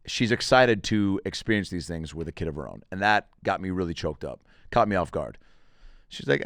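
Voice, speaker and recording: A man riffing as a podcast host, cutting himself off and circling back for jokes. His voice is smooth and resonant. The sound is dry and close to the mic. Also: lowish voice, no room sound. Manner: rambling, self-interrupting, jokey. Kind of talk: casual comedic monologue.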